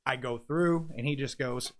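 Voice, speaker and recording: A man's voice: mid-range voice, normal speed. A man telling a story in a casual podcast chat, acting out the scenes with quoted voices and sound effects, and often laughing as he talks. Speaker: podcast guest, independent wrestler.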